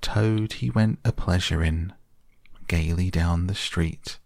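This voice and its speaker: A man voicing a pompous male chief weasel who speechifies in a high, squeaky voice. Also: lively intonation, vocal fry, darkish tone, no room sound, studio quality, exaggerated voice. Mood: sing-song. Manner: oratorical, self-satisfied, drawn-out phrasing.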